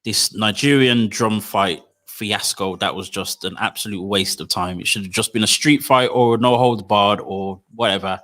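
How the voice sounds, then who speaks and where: Bright-voiced guy, chatty. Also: fairly low pitch, normal speed, few pauses. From United Kingdom. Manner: animated, stammering restarts, slangy. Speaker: podcast co-host. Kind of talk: casual chat.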